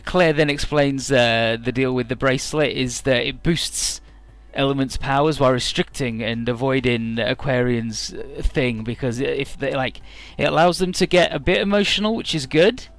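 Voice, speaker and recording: A man's voice: normal speed, soft background music. Jokey man retelling a game's plot. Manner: jokey, mocking, squeaky falsetto for characters; crude, sarcastic. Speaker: let's play commentator. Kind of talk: comedic retelling of game dialogue with put-on voices.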